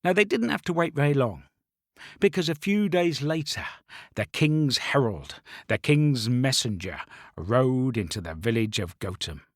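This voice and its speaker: A man's voice: medium pitch, animated, unhurried, no echo, clean studio sound. A man telling a children's folk tale, playfully talking straight to his young listeners. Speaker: storyteller. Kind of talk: children's storytelling.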